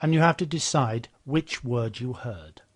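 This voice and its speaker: A man's voice: mid-range voice, unhurried. Man walking through a teaching program. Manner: explanatory, steady, repeats model phrases after the clips. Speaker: software demonstrator. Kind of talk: software walkthrough narration.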